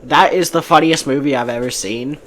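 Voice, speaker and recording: A man's voice: medium pitch, brisk, a bit bright, slight background noise. A man hosting a casual movie podcast, giving breezy opinions and often restarting his sentences. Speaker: podcast host.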